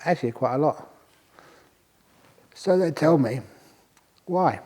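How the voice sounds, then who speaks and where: A man's voice: on the high side, expressive, slow pace, a little mellow. An older man, a monk, giving a dharma talk to a retreat audience, telling a humorous story and often chuckling. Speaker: monk teacher.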